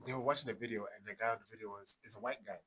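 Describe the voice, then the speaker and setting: Young male podcast co-host, bright husky voice, animated storyteller. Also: on the low side, rapid-fire, poor audio. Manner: animated storyteller, laughs often. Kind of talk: casual podcast chat.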